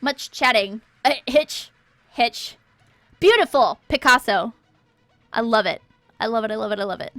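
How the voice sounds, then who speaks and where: High, bright-voiced woman giving art critique. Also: lively intonation, a little slow, long pauses, dry recording. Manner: encouraging, checks in with "okay?" often; repeats words for emphasis. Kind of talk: live-stream art critique.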